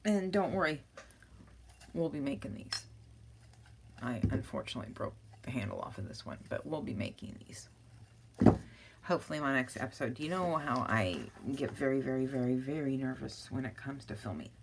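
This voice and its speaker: A woman with a low, deep voice chats casually as she crafts, wandering off topic and laughing at her own stories. A faint hiss of noise sits under the recording. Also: animated, normal speed, creaky, pauses often. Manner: rambling, chatty, often laughing at her own story. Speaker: crafting channel host.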